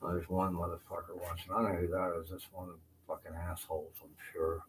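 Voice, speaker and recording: A man's voice: deep voice, flat delivery, fast. An older man streaming from his house, rambling, cursing and apologizing for it in frustration. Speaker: vlogger. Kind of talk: rambling live-stream talk. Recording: distant, noisy home recording.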